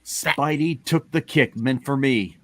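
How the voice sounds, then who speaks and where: A man's voice: medium pitch, slow pace, fairly bright tone. A man reading a comic aloud, voicing a boastful young hero in a playful manner. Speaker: comic reader. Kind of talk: comic read-along, voicing a character.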